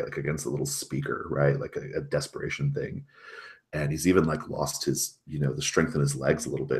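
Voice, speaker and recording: A man with a very deep voice, running a tabletop role-playing game as its game master. He narrates in a loose, rambling way, full of fillers and restarts.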